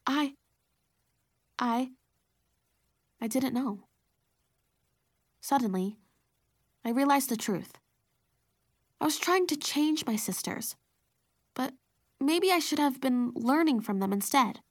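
A woman narrating a children's story in the first person, reflective and expressive. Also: sits high, takes it slowly, long pauses. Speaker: audiobook narrator.

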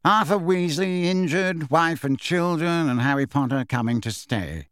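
A man's voice: on the high side, big pitch swings, slow, fairly bright tone, clean tone, no room sound, clean studio sound, full character voice. A man voicing a haughty old wizard in a portrait, with a reedy voice and a bored, languid drawl.

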